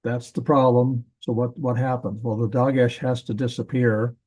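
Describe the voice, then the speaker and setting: Mellow-voiced man teaching Hebrew grammar. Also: mid-range voice, level tone, normal speed, low-quality recording. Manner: casual, thinking aloud with self-corrections. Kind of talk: classroom grammar lesson.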